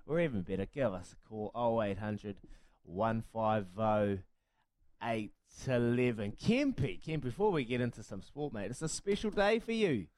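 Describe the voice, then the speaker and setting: A man co-hosts a radio show in a playful, ribbing way. He reads out the call-in number, then teases his co-host and warmly congratulates him. His voice sits at an ordinary male pitch. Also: big pitch swings, normal speed, dry recording. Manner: playful, teasing, calls co-host "Uncle". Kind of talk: casual radio banter.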